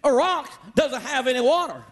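A man preaching a Sunday sermon, emphatic, rising to shouts and calling out to his congregation. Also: extremely high pitch, animated, moderate pace. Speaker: pastor.

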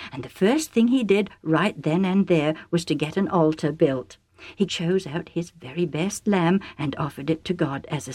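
Lower-voiced woman reading a storybook. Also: slightly rough, no room sound, studio quality. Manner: warm, chatty, with asides to the listener. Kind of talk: storybook narration for children.

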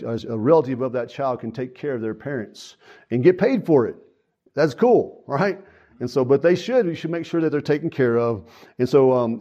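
A man's voice: mid-range voice, mellow. A man preaching a sermon as pastor, earnest and folksy, with frequent fillers. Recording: dull lo-fi sound.

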